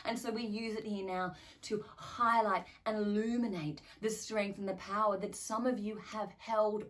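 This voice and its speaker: A woman channeling a collective of benevolent spirit beings, speaking slowly and effusively as "we". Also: medium pitch, far from the mic, close to an everyday voice. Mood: earnest.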